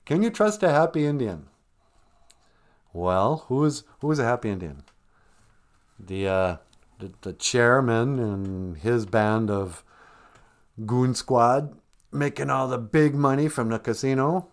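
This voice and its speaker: A man's voice: mid-range voice, lively intonation, slow pace, long pauses. A man hosting a live stream, telling a wandering comedic monologue and laughing at his own jokes.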